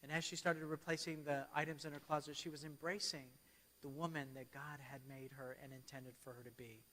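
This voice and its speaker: A man's voice: fairly high pitch, little pitch movement, fairly quick, sharp tone, slight background noise. A man giving a church keynote as a storytelling sermon, often checking in with his audience. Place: church hall. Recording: long hall reverb.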